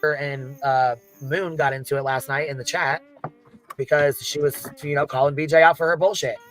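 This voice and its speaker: A man's voice: fairly high pitch, fairly even intonation, normal speed, a bit bright, soft background music, poor audio. A man in a played clip, gossiping and retelling drama in casual, profane chat.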